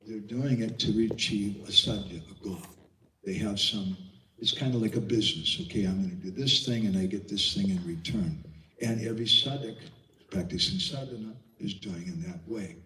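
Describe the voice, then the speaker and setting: Man, devotional lecture, low voice, echoey room, distant mic, faint noise behind. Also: bright, forceful tone. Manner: storytelling with quoted voices and rhetorical questions. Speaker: Vaishnava speaker giving a class.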